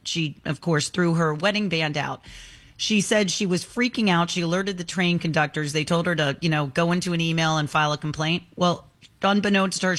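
A woman's voice: on the low side, fairly bright tone. A woman co-hosting a talk show, telling quirky news stories in a chatty storytelling way. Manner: storytelling, reads out odd news. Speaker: show host. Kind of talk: talk-radio news banter.

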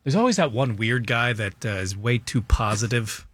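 A man's voice: medium pitch, lively intonation, normal speed, a bit bright, no room sound. A man co-hosting a radio show, teasing the others in casual banter. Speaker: radio co-host.

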